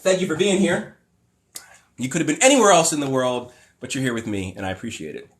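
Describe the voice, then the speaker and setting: A man's voice: medium pitch, expressive, fast talker. A man hosting a livestream, reading passages aloud and ranting about them with sarcastic, exasperated, profane commentary. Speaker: livestream host. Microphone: phone or webcam mic.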